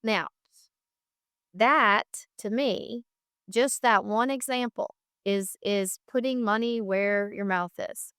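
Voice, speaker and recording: A woman's voice: mid-range voice, slow, fairly bright tone, clear, resonant tone, no echo, studio quality. A woman speaking as a podcast guest, earnest and emphatic, repeating phrases for stress. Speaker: guest, founder of an equine therapy charity. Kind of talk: casual podcast conversation.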